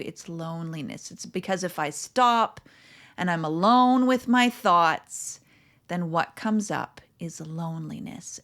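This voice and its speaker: A middle-aged woman coach in a reflective monologue, tearful and crying, emotional and halting, with sighs and soft breathy asides. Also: fairly low pitch. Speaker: podcast host and coach.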